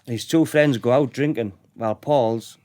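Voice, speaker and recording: A man's voice: medium pitch, moderate pace. Middlesbrough man spinning a yarn. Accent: Middlesbrough English. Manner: lively anecdotal retelling, laughing often. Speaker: podcast guest. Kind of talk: storytelling in a podcast interview.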